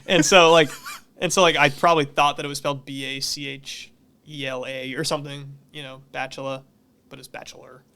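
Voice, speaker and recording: A man's voice: mid-range voice, level tone, a little fast, sharp tone, clear, resonant tone. A man from the Boston area, a musician guest on a podcast, talking casually in a rambling way with many fillers. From Massachusetts, near Boston.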